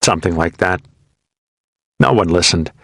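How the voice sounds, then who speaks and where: Brief: male audiobook narrator, low gravelly voice, steady measured reading, dry close sound. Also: dry recording. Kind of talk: scripted narration of a war novel.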